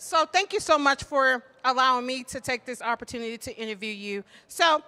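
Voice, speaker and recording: A woman's voice: high voice, expressive, sharp tone, clean tone. A woman podcast host introducing and thanking guests on a conference stage, bubbly and grateful. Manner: bubbly, thankful, quick asides with laughs.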